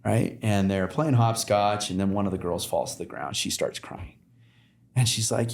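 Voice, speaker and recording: A man's voice: lowish voice, moderate pace, gravelly. Rambling man in a roomy room. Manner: rambling storyteller with many fillers and restarts. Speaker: podcast guest. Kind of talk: casual conversation. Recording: roomy echo.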